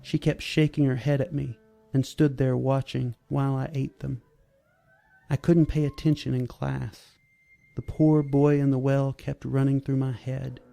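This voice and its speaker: A man reads a story aloud in a measured, steady way. His voice is gravelly and dark at a middle pitch. Soft music plays under the narration. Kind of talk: storybook reading.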